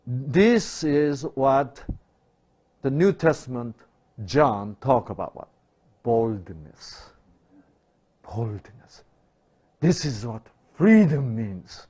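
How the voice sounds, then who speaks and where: A middle-aged male pastor preaching a sermon, asking rhetorical questions and swinging from loud to hushed. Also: medium pitch, big pitch swings, drawn-out words, pauses often, breathy edge.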